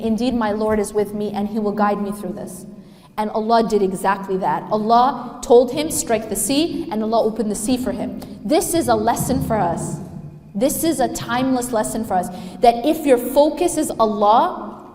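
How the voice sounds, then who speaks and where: A woman's voice: a little high, a little mellow. Woman lecturing in an echoey hall. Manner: emphatic, asks the audience questions, recites Arabic verses. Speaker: Islamic lecturer. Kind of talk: religious lecture to a live audience. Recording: echoey hall, live talk.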